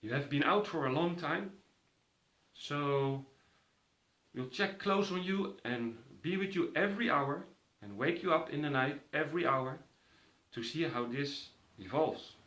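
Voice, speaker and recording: A man voicing a steady doctor giving a patient careful news. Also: fairly high pitch, measured pace. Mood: measured. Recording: roomy echo.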